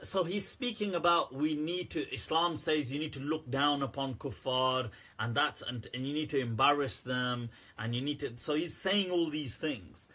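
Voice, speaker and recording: A man hosts a relaxed livestream Q&A, answering viewer questions in a candid, animated way and often breaking into laughter. His voice is slightly husky and a little high for a man, and his commentary feels loose and conversational rather than scripted.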